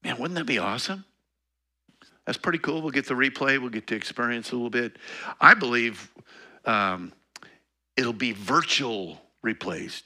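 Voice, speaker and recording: A man teaches his congregation in a relaxed, conversational sermon, reading out scripture and then talking it through. His voice is very bright and ringing, and his pitch rises and falls animatedly as he goes. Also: moderate pace, pauses often. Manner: conversational teaching with laughs and self-corrections. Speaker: pastor.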